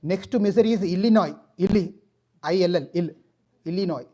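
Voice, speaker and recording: A man telling a story in a sermon, acting out the dialogue of its characters. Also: brisk. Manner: acts out dialogue in a story, rising pitch when excited. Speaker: spiritual teacher.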